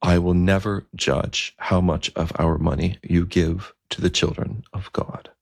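A man's voice: deep voice, fairly even intonation, a little slow, gravelly, breathy edge, dry recording, clean studio sound, exaggerated voice. A man voicing a young, humble king who questions his bishop earnestly.

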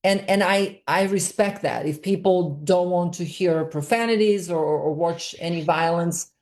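Woman filmmaker, low-pitched, earnest interview guest who explains at length and circles back over her words. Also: a little slow, a little mellow. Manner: long, searching explanations with frequent repeats.

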